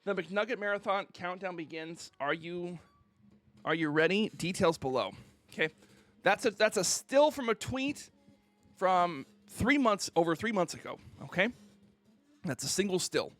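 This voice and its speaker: A man's voice: sits high, expressive, measured pace, fairly bright tone. A man streamer ranting on a casual livestream, mock-indignant and theatrical, who keeps asking "okay?".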